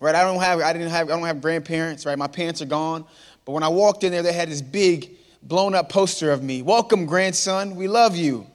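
Man in his thirties, animated speaker working a crowd, fairly high voice, long hall echo. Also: brisk. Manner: lively storyteller, calls out to the crowd. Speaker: motivational speaker. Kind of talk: storytelling talk to a live audience. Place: large hall before an audience.

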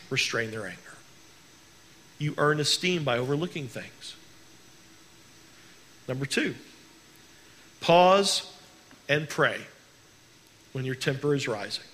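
Bright-voiced male pastor preaching. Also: on the high side. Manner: earnest preaching, slows down on key words. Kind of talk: sermon.

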